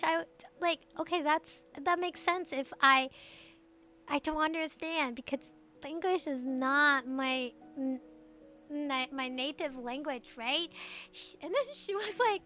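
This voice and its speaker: High-voiced chatty woman streamer. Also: measured pace, pushed and bright, soft background music. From Taiwan. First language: Mandarin. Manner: rambling and chatty, full of "like" and giggles. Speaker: VTuber streamer. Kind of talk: casual late-night stream chat.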